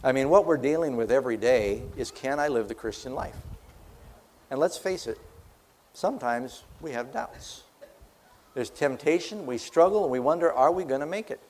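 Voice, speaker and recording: A man's voice: mid-range voice, expressive, moderate pace, darkish tone, a little hiss or hum. A man preaching a sermon, retelling scripture as a dramatic story and putting questions to the congregation. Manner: conversational, asks the audience questions. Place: church platform before a congregation.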